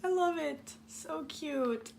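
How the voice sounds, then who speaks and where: A high-voiced woman talks her viewers through a craft mail unboxing in an unhurried way. She gushes over every item and squeals with delight. A faint hum runs behind her. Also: gravelly, a little mellow. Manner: gushing, squealing and gasping with delight. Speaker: craft vlogger. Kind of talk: excited unboxing vlog.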